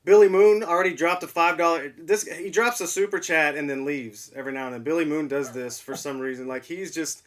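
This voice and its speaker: A male livestream host chatting casually, excitable and laughing often, with lots of fillers. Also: a little high, brisk, few pauses. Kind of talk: casual chat. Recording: voice a bit distant from mic.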